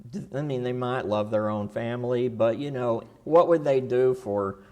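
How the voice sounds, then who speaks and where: A man's voice: mid-range voice, normal speed, a little mellow. Man teaching a church Bible class. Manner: asks the class questions, folksy and casual.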